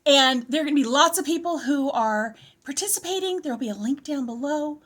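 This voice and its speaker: A woman's voice: high voice, brisk. A middle-aged woman in a casual, chatty homeschool curriculum review, slightly out of breath and often interrupting herself. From California. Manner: chatty, animated, self-interrupting. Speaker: homeschooling vlogger.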